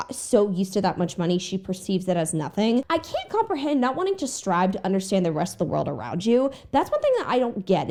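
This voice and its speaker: A woman's voice: mid-range voice, warm tone. A young woman host giving indignant commentary, emphatic and full of rhetorical questions. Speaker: commentary YouTuber. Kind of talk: commentary and reaction.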